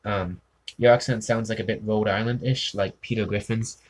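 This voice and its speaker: A man's voice: fairly low pitch, fairly even intonation, normal speed. A young man from Maryland, chatting casually and rambling while he draws on a stream, often laughing and humming nonsense sounds. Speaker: art streamer. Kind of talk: casual chat while drawing.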